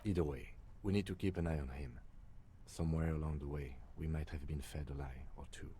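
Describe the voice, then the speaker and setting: Super deep, dark husky game cop, calm and dry. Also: male voice, fairly quick, heavily acted. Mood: measured. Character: calm, measured male police lieutenant partner.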